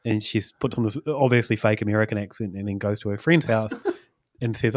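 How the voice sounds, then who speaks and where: A man chats casually on a podcast and tells his stories in a loose, rambling way. His voice sits at an ordinary middle pitch. It comes through a close mic with a dry, dead sound. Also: fairly quick, a little mellow, no echo. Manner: rambling storytelling with many fillers. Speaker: podcast co-host. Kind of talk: casual chat.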